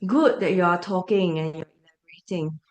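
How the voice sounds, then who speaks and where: A woman's voice: on the low side, brisk. Emphatic woman teacher, echoey room. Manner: emphatic, asks frequent rhetorical checks. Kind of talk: parent briefing talk.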